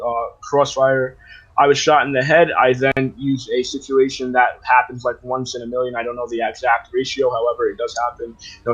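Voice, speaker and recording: A man's voice: medium pitch, fairly bright tone, husky, dull audio. A man in casual voice chat, rambling as he retells a conversation, full of fillers and restarts. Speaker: roleplay server player.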